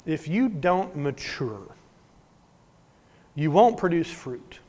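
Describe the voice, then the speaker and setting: A man preaching a sermon as pastor, earnest, swinging from emphatic to hushed. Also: a little high, very animated, takes it slowly. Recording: long hall reverb.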